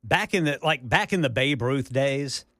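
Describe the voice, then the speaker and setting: A man co-hosting a talk radio show, eager and enthusiastic, quick to cheer the host on. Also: mid-range voice, animated, bright, forceful tone, dry recording, studio quality. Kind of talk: casual studio banter.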